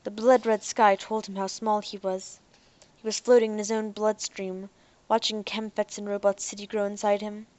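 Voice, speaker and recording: A woman narrates a science fiction audiobook in a steady, even voice. Her pitch sits in the middle of the range. The recording is close and dry. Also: moderate pace, dry recording.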